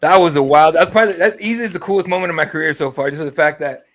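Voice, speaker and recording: A young man co-hosting a podcast, telling stories in a casual, excited and profane way. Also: a little high, rapid-fire. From Mexico. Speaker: podcast co-host.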